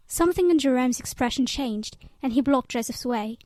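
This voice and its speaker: A woman's voice: a little high, steady tone, moderate pace, darkish tone, dry recording. A woman reading a novel aloud and voicing its characters with little change. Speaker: audiobook reader.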